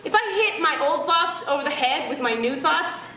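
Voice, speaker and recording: A woman doing stand-up comedy in a chatty, animated way, often asking the audience questions. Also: high-pitched, moderate pace, echoey room.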